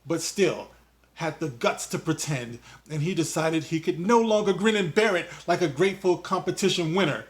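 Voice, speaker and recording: A man's voice: on the high side, normal speed. A man hosting a commentary vlog, reading an article aloud and ranting at its subject as if addressing him directly. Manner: reads an article aloud and riffs on it. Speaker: YouTube commentator.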